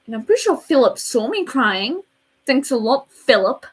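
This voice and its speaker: Breathy, animated young woman telling a story. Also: high-pitched, moderate pace, low-quality recording. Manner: rambling and dramatic, drops to quiet asides. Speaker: vlogger. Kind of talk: casual storytime vlog.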